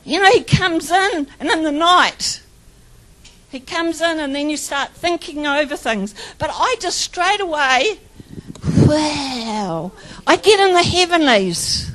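Fervent older woman sharing testimony, high-pitched. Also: expressive, takes it slowly, fairly bright tone, rough recording. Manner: fervent, chatty, breaks into laughter; storytelling with acted-out quotes. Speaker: church member sharing testimony. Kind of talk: personal testimony.

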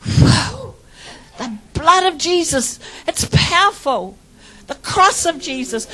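An older woman speaks in a high voice, telling her faith testimony slowly and with feeling. She is fervent and chatty, laughs now and then, and acts out what others said to her. Her pace is unhurried, and her pitch lifts and falls as she recalls. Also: sharp tone, low-quality recording. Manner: storytelling with acted-out quotes. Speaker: church member sharing testimony. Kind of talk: personal testimony.

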